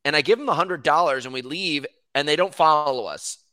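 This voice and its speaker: A man's voice: fairly high pitch, brisk, sharp tone, dry recording. A man who works as a lumberjack, a guest on a podcast, telling a rambling story in casual chat, acting out quotes and saying "like" often.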